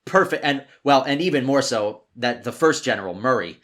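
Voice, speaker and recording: Man in a relaxed podcast chat. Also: medium pitch, moderate pace. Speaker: podcast co-host. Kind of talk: casual film discussion.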